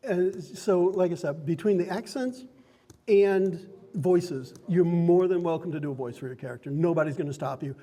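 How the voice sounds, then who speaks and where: A man's voice: on the high side, moderate pace, warm tone, in a large hall. A man acting as dungeon master in a card and game store, explaining rules to new players in a friendly, instructive way. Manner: friendly, instructive, laughs often.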